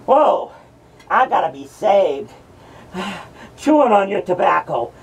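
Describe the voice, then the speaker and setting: Someone doing Mr Grimm, a raspy cackling madman. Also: medium pitch, sing-song, takes it slowly, distant mic, exaggerated voice, rough recording. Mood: ranting taunting. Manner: ranting, taunting, cackling, profane. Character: mocking male madman host from hell. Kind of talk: horror persona rant.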